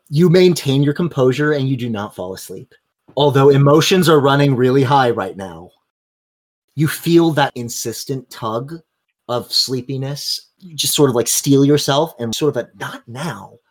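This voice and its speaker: A man narrates a tabletop game as its game master. His voice has a husky, breathy grain. He tells the scene in long, vivid run-on strings of detail. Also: mid-range voice, animated, moderate pace.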